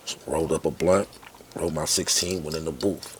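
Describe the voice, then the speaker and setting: Low-voiced New York man telling stories. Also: a little fast, a little hiss or hum. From Harlem, New York. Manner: animated, acts out quoted people with raised voice. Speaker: podcast guest. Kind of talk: casual storytelling.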